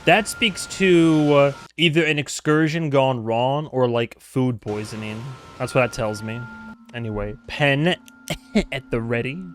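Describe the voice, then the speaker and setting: A man's voice: mid-range voice, measured pace, a little hiss or hum. A man hosting a reaction video, chatting casually with many restarts and asides. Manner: rambling, self-interrupting, chatty.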